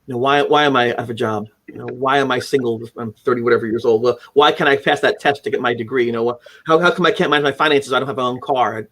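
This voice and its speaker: A man's voice: mid-range voice, quick pace, hardly any pauses, fairly bright tone. A man in his forties, the guest, telling his story in an earnest, rambling way with many restarts, speaking from home over a video call. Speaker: guest, author of a haunting memoir. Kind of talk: casual live-stream interview. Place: home room with keepsakes, indoors.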